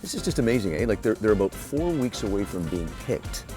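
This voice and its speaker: Male travel host, lower voice, jokey banter, outdoors, music under the track. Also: very animated, fairly quick. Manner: jokey, laughs easily. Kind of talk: casual on-camera travel banter. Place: outdoors on location.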